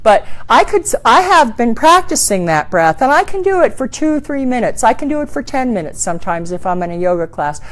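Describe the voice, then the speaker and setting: A middle-aged woman leading a workshop in a classroom, animated and acting out voices in her examples. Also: a little high, brisk, few pauses. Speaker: speaking coach. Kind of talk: workshop talk.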